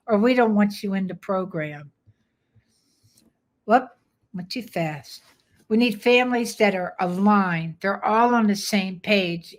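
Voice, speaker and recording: An older woman dog trainer giving a live webinar pitch, firm, direct and plainspoken.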